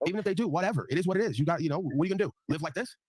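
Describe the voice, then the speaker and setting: A man hosts a live online panel, ranting casually in a blunt, profane way and tacking "right?" onto his points again and again. His voice is high-pitched and a little rough, with a darkish tone, lively intonation, and a rapid-fire delivery. There's no echo.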